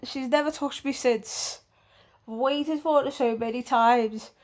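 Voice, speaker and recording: A woman's voice: high voice, unhurried. A woman telling a storytime vlog bluntly, with plenty of swearing. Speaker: vlogger.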